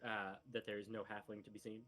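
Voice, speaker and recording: A man's voice: lowish voice, level tone, quick pace, bright, forceful tone, soft background music. A man playing a tabletop game, joking and casual with many fillers. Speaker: player.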